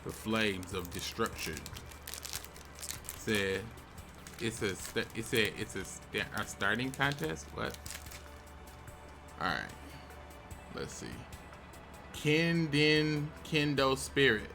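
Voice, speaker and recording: A young man hosting a casual video, chatting as he opens packs of game cards. He talks in a relaxed way, with sudden excited outbursts. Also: on the low side, takes it slowly, long pauses, music in the background. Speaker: YouTube host. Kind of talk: casual commentary while opening game card packs.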